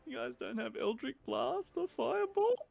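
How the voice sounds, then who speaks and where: A man chats through a tabletop game, joking with the table. His pitch swings widely, and his voice carries a gravelly texture. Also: big pitch swings, normal speed, a little mellow, muffled recording, soft background music. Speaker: player. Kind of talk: casual tabletop play.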